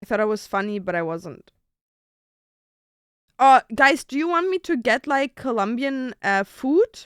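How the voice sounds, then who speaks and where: A young woman chats away to her stream viewers in a smooth, clear voice that sits a little high. She thinks aloud as she goes and swears casually. The sound is dry and close on the mic. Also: big pitch swings, measured pace, dry recording. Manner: chatty, swears casually, thinks aloud while ordering food.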